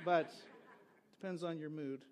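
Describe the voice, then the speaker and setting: A man preaching a sermon as pastor, in a conversational way with quick asides and restarts. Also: fairly high pitch, steady tone, a little mellow.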